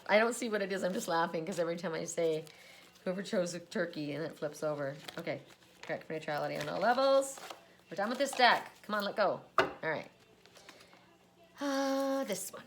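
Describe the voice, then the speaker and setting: Lower-voiced woman reading oracle cards. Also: a little hiss or hum. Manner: chatty, laughs often, repeats a set phrase. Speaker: oracle card reader. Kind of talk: casual card reading.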